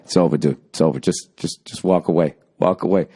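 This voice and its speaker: Deadpan young guy, low and flat, firmly insistent, as a man puts him on. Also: fairly quick, husky.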